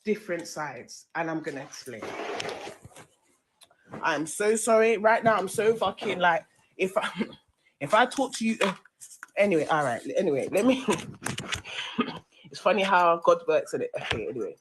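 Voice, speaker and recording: A woman's voice: lowish voice, expressive, moderate pace, long pauses, noisy background. A woman with a London accent, hosting a live-stream radio show, telling a heated story full of slang and swearing.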